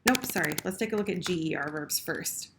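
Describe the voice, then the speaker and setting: A woman's voice: lowish voice, a little fast, heavy background noise. A woman teaching French verb conjugation in a screen-recorded lesson, patient and correcting herself as she types. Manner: patient, self-correcting, talks while typing.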